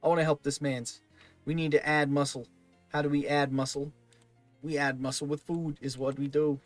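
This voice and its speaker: A man's voice: fairly high pitch, little pitch movement, normal speed, no room sound, faint music behind. A man giving let's play commentary, thinking aloud and muttering through item lists. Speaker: gaming video host.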